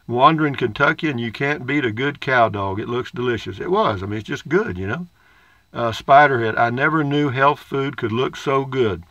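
A man's voice: medium pitch, sharp tone, no room sound. An older man reads viewer comments aloud in a folksy, rambling way with dry humor. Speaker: vlogger reading viewer comments. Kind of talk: casual comment-reading chat.

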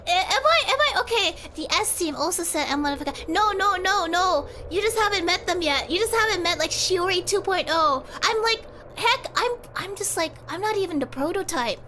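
A woman's voice: very high-pitched, animated, fairly quick, few pauses, pushed and bright, slight background noise. A young woman streaming, chatting casually and rambling, giggling often and talking to her chat.

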